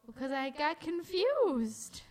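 Young woman radio co-host, from Georgia, jokey and drawn-out delivery. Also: high-pitched, very animated, a little mellow. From Georgia, USA. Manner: playful, joking, drawn-out words. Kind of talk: casual radio chat.

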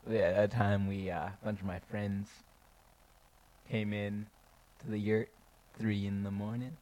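A man telling a casual story in a halting, hesitant way. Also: lowish voice, level tone, darkish tone, a little hiss or hum, poor audio.

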